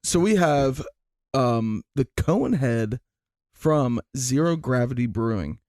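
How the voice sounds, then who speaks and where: A man's voice: medium pitch, expressive, takes it slowly, darkish tone, dry recording, studio quality. A man co-hosting a casual podcast, presenting a beer in a loose, laid-back way with fillers. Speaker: podcast co-host. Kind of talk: casual chat, beer review.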